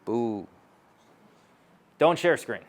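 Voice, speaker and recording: A man's voice: medium pitch, expressive, very slow. A man giving a stage talk to an audience as a sales coach, brash and blunt, swearing and acting out both sides of dialogues.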